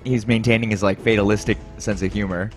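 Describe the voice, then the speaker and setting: A man's voice: lowish voice, fairly even intonation, fast, soft background music. A man co-hosting a let's play, making dry remarks and searching for words in casual commentary.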